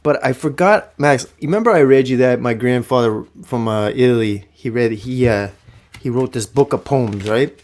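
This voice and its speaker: A man hosting a casual sports podcast, animated and sometimes sing-song, talking into a podcast mic at home. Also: mid-range voice, moderate pace. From Canada. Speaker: podcast host.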